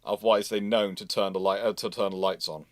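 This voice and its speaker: A man's voice: lowish voice, steady tone, brisk, no echo. A man hosting a livestreamed naval history lecture, talking conversationally with fillers and self-corrections and answering viewer questions.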